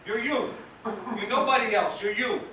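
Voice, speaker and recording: An actor as a wry, streetwise New Yorker. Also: male voice, very high-pitched, moderate pace, pushed and bright, a little hiss or hum. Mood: wry, consoling. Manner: wry, chatty storytelling with street slang. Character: streetwise, kindly New Yorker who comforts a grieving kid. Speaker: stage actor. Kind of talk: stage drama monologue. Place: theatre stage. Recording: echoey theatre from far off.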